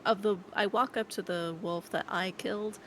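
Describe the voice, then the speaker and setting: A woman playing a tabletop role-playing game, speaking hesitantly with many pauses and fillers. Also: mid-range voice, fairly even intonation, a bit bright, slight background noise. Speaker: player. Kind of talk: tabletop role-play banter.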